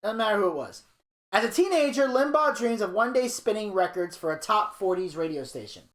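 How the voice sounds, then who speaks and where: A man co-hosting a podcast, casually recapping a documentary and telling stories with lively impressions. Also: high-pitched, brisk, echoey room. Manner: animated storyteller, slips into impressions. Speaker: podcast co-host. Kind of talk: casual review chat, reading episode notes.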